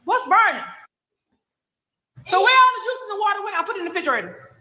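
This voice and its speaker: Very high woman's voice, loud scolding mom, echoey kitchen, crowd of kids chattering behind. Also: big pitch swings, fast. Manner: loud, scolding her kids, laughing through it. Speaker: mother livestreaming at home. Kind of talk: loud live-stream chatter. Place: home kitchen, indoors. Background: children talking and moving around.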